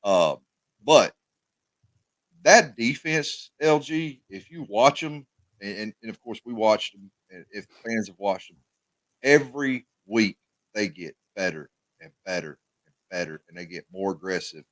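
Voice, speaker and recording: A man co-hosting a casual sports talk show, animated and often repeating his words. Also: fairly low pitch, a little slow, no room sound.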